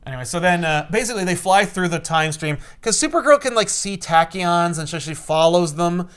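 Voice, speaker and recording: A man casually recapping a comic book on a podcast, an animated storyteller who acts out the characters with yelps and laughs. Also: sits high, brisk, clear, resonant tone. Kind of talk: casual chat.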